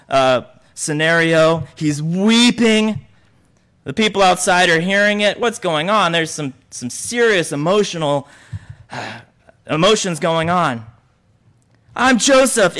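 Male pastor, sermon delivery, high and bright, animated storyteller. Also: clear, resonant tone. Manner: animated, acts out quoted voices.

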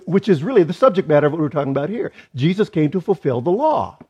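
A man's voice: on the high side, very animated, fast talker, dark tone, breathy edge. Joking, conversational male preacher. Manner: conversational, with joking asides and restarts. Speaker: pastor. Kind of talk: sermon. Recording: dull lo-fi recording.

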